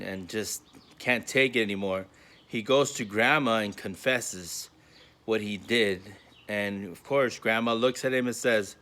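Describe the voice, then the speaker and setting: A man's voice: mid-range voice, bright, forceful tone. A man from a school community telling a story with a moral from home, casual and earnest, full of fillers. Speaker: school staff member.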